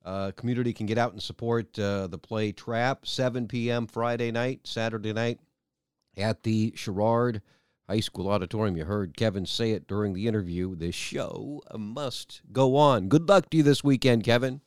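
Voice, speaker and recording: Smooth-voiced middle-aged radio host. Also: male voice, lowish voice, steady tone, moderate pace, no room sound, clean studio sound. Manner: chatty, plugs event details. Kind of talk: radio interview.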